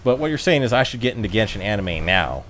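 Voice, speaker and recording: A man's voice: lowish voice, sing-song, quick pace, fairly bright tone, slight background noise. A man chatting casually on a livestream, reading viewer comments aloud and joking in a rambling, self-amused way. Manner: joking, rambling, laughs at his own jokes.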